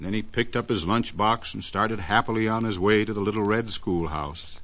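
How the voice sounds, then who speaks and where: A man's voice: fairly low pitch, a bit bright. A man narrating a children's story in a sing-song way, stretching words for effect, on a dull lo-fi old recording. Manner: sing-song, drawn-out emphasis.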